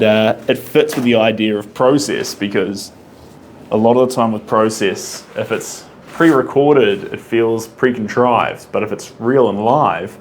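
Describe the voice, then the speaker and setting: A man's voice: lowish voice, slight background noise. A man painting on a live stream, humming to himself and chatting with viewers as he answers their comments. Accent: non-American English, rolled R. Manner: chatty, hums and sings to himself, reads out and answers chat comments. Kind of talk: casual live-stream chat while painting.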